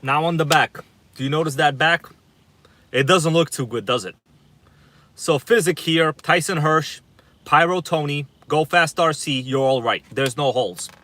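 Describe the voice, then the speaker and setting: A man's voice: fairly high pitch, normal speed, fairly bright tone. A man hosting a casual livestream from inside his parked car at night, chatting loosely and greeting viewers by name. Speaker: livestream host. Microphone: phone.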